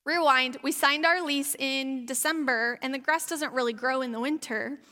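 High bright-voiced woman preaching. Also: fairly even intonation, moderate pace. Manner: conversational preaching with acted asides. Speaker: pastor. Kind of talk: sermon. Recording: long hall reverb.

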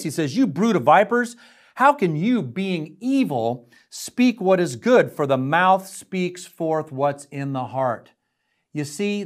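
A male pastor delivers a sermon with a slightly high voice. He preaches earnestly and emphatically and keeps turning to his listeners with questions.

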